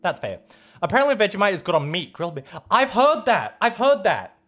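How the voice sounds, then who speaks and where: Lively high-voiced Aussie man chatting. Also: a little fast. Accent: Australian. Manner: rambling, playful, swears casually. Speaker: streamer. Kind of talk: casual chat reading viewer messages.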